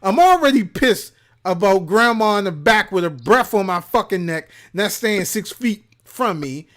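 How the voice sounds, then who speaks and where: A man from Maryland, co-hosting a gaming show, telling a profane story in casual chat and shouting out the lines he quotes. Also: sits high, lively intonation, a little slow. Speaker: podcast co-host.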